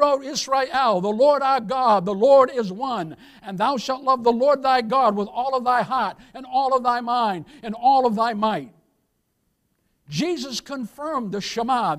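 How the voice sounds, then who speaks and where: A male pastor with a high-pitched voice delivers a sermon. He builds from quieter passages to loud, emphatic peaks and calls out to the congregation.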